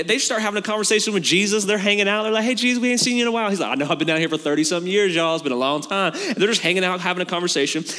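A man preaching as a pastor, telling the story in a casual, joking way and acting out the dialogue. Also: high voice. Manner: animated storytelling with acted-out dialogue. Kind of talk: sermon. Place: church sanctuary. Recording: long hall reverb from a church.

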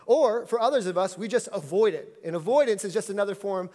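A man's voice: sits high, lively intonation, fast talker, mellow. A man in his thirties preaching a sermon, telling a funny story in a chatty, joking way. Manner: humorous, conversational storytelling. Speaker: pastor. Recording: long church reverb.

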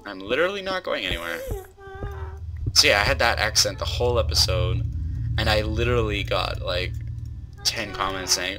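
A young man hosting gameplay commentary, excitable and full of startled exclamations. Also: fairly low pitch, a little fast, a little hiss or hum. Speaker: host.

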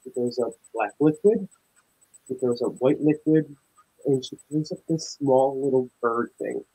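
A young man, a paranormal investigator, telling a story in casual chat and acting out the dialogue with animated energy. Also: mid-range voice, a little slow, breathy edge, rough recording. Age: young adult. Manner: animated, acts out dialogue in tense retelling.

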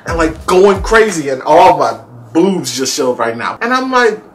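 A man hosting a casual comedic vlog to camera, self-mocking, laughing often and jumping up high in pitch for emphasis. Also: sing-song, unhurried, heavy background noise. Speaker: vlogger.

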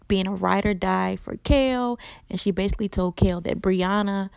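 A woman's voice: medium pitch, vocal fry, darkish tone, dry recording. A woman hosting a casual TV recap, blunt and opinionated, talking in a gossipy way. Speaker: podcast host.

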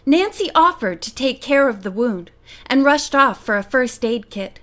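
A woman narrating a mystery novel as an audiobook, telling the story in an expressive, lively way. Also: high voice, moderate pace.

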